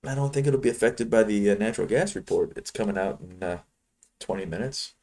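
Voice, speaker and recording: A man's voice: on the low side, fairly quick, darkish tone. A man from Chicago talking casually to his viewers while trading futures, rambling between trades. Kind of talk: casual live-trading commentary.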